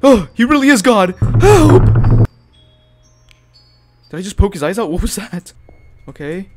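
A man's voice: high voice, sing-song, measured pace, darkish tone, faint music behind. A man giving horror gameplay commentary as a YouTuber, jumpy and panicky, gasping, swearing and laughing nervously. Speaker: gaming YouTuber.

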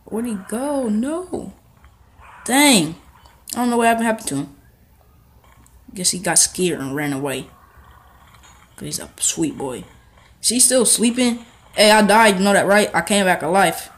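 A young man giving casual gameplay commentary, excitable and talking back to the characters on screen. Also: sits high, normal speed, long pauses. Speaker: gaming channel host.

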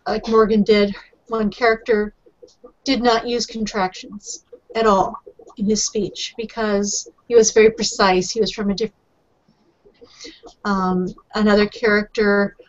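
A woman editor explaining writing craft in a casual panel discussion, talking in a chatty, explanatory way. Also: medium pitch. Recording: muffled lo-fi recording.

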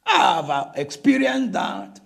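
An older man with a Nigerian accent, preaching a sermon with impassioned shouts and frequent "listen to me" asides. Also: sits high, very animated, a little slow, gravelly. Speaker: pastor.

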